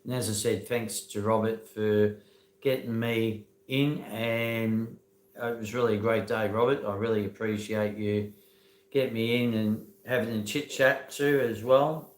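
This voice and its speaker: A man's voice: fairly low pitch, fairly even intonation, measured pace, echoey room. An Australian man hosting a casual live stream, rambling with many ums and uhs and greeting viewers by name as he talks into a phone.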